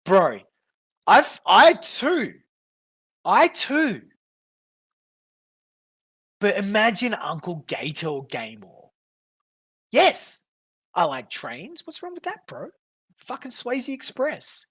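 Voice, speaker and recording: Husky woman ranting with lots of swearing. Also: mid-range voice, huge pitch swings, slow, pauses often, a bit bright. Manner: irate profane ranting. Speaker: livestreamer. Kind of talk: casual reaction stream.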